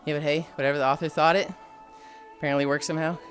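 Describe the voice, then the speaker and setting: A woman's voice: sits low, little pitch movement, rapid-fire. A woman streamer chatting casually, thinking aloud with frequent sighs and reading chat aloud. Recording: faint music behind.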